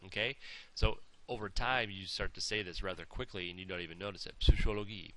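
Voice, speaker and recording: A man's voice: low voice, fairly quick, pushed and bright. A man teaching pronunciation, patiently overemphasizing each sound in his demonstrations and checking in with "okay?" as he goes. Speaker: language teacher. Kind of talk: pronunciation lesson.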